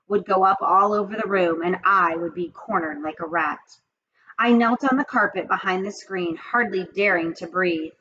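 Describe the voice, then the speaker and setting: A woman reading a children's story aloud with expressive, dramatic storytelling. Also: fairly low pitch, highs cut off, slight background noise. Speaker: reader of children's books. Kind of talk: storybook read-aloud narration.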